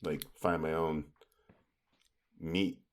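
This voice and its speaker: A man's voice: rumbling low, flat delivery, drawn-out words. A man co-hosting a podcast, telling long stories in casual chat with lots of fillers. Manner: rambling storyteller, lots of filler. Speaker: podcast co-host.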